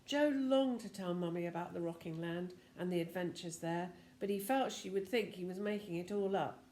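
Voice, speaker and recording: An older woman reading a children's storybook aloud as a lively storyteller who talks to the listener. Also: fairly low pitch, normal speed, reverberant.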